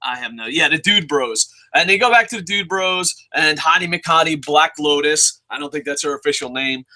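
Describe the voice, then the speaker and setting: Male show host reviewing wrestling; high, sharp-toned, excitable, swears a lot, rambles with restarts. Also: normal speed. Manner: excitable, profane, swings into loud shouting. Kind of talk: casual ranting show review.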